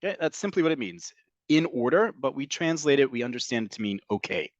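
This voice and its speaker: A man's voice: mid-range voice, very animated, fast talker, no echo. A man teaching Hebrew vocabulary in an online class, explaining patiently with fillers and frequent "okay?" checks. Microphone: computer mic on a video call.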